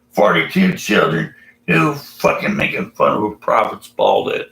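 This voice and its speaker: Gravelly, profane, sarcastic man. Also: medium pitch, very animated, moderate pace, fairly bright tone, echoey room, slight background noise, rough recording. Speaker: atheist video commentator. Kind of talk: ranting commentary reading scripture.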